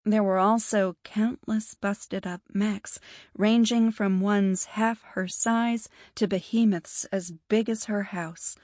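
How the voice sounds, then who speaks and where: A woman reads a science fiction audiobook in an even, measured storytelling voice of middle pitch. The recording is very dry and close, with no room sound. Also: no echo. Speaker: audiobook narrator. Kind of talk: scripted narration.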